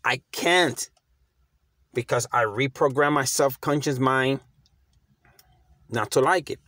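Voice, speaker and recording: A man's voice: mid-range voice, takes it slowly, fairly bright tone. A middle-aged man giving casual, slangy motivational talk, emphatic and repeating himself as he restarts his phrases. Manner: slangy, conversational. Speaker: motivational vlogger.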